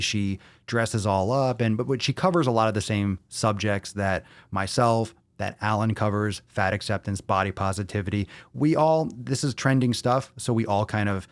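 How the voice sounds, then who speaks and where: A man's voice: on the low side, no room sound. Blunt, profane man hosting a fitness Q&A. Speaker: fitness podcast host. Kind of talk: casual livestream Q&A.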